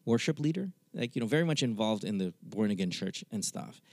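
Gravelly-voiced man telling a candid story. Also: fairly low pitch, a little fast, dry recording, clean studio sound. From Philippines. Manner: candid, swearing, animated retelling with quoted voices. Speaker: podcast host. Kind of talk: casual storytelling.

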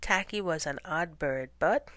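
A woman reading a children's story aloud in a soft, often half-whispered, unhurried way. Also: sits low, no echo. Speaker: storybook reader.

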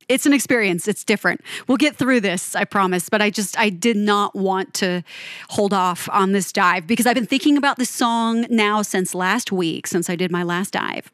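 A young woman hosting a solo music deep-dive show, chatty and enthusiastic with frequent laughs, her voice a little froggy and winded after a run. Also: normal speed, a bit bright, no room sound, clean studio sound. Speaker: music podcast host. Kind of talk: casual solo music analysis.

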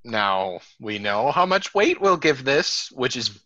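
A man's voice: medium pitch, big pitch swings, slow, pushed and bright, no room sound, dull audio. A young adult man co-hosting a beer podcast, joking and swearing in casual banter over a video call. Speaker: podcast co-host. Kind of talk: casual chat.

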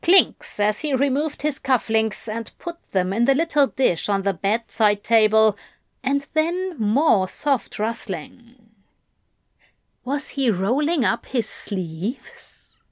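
A woman reads a story aloud in an unhurried, expressive way, with a lively, rising and falling voice set slightly higher than most. The recording is close and dry, with no room sound. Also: no echo. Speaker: narrator. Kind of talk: audiobook narration.

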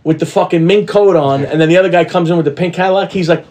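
A man's voice: a little high, fast, a little mellow, slight background noise. A man co-hosting a casual podcast chat, swearing freely and acting out quoted voices. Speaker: podcast co-host.

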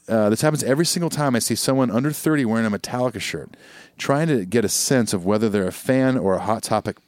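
A man's voice: on the low side, a little mellow, no echo, clean studio sound. A man co-hosting a podcast in casual chat, telling rambling jokey stories and reading listener emails aloud. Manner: joking, rambling storyteller, reads listener emails. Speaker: podcast co-host.

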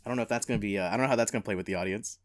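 A man's voice: fairly low pitch, rapid-fire. A man co-hosting a podcast, reading aloud and commenting in a wry, amused way. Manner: wry, amused, laughs between lines. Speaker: podcast co-host. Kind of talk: casual chat and reading aloud.

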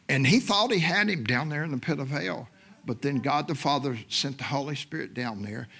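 A man preaching a sermon as guest minister, moving from quiet scripture teaching to loud shouted preaching. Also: medium pitch. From Oklahoma. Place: church sanctuary.

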